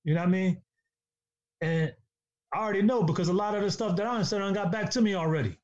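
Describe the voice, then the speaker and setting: Emphatic high-voiced man, lo-fi sound. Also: quick pace, a little mellow. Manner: emphatic, preachy, repeats himself. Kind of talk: casual podcast discussion. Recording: dull lo-fi sound.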